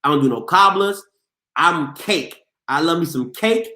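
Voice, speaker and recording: A man hosting a casual sports call-in show, playful and loud, reading the chat aloud and breaking into shouts and laughter. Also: a little high, expressive, a little slow, reverberant. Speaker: sports show host taking callers.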